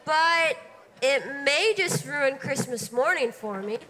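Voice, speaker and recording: A woman acting a gentle young woman in a church stage drama, soft and mock-sad. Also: high voice, expressive, takes it slowly, exaggerated voice. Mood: plaintive. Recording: reverberant hall sound.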